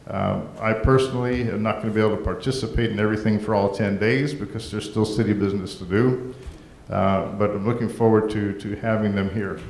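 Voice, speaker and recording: A man's voice: lowish voice, steady tone, brisk, creaky, hardly any pauses, a little mellow, reverberant. A man speaking as mayor at a council meeting, in a folksy, rambling way with frequent restarts. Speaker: mayor presenting a proclamation. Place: council chamber.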